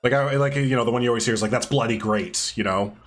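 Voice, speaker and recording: A man's voice: mid-range voice, very fast. A man streaming live, chatting casually with viewers as he builds, rambling and laughing often while answering their messages.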